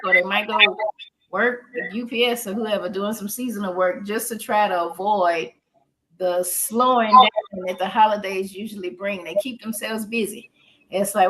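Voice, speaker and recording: A woman's voice: mid-range voice, moderate pace, a bit bright, a little hiss or hum. A woman therapist talking casually on a podcast, explaining things in an earthy, joking way.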